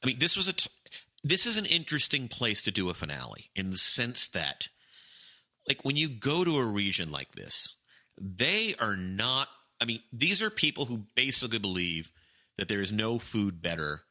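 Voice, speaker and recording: A man co-hosting a podcast, talking in an excitable, emphatic way and often restarting his phrases. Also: lowish voice, moderate pace. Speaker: podcast co-host. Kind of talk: casual chat.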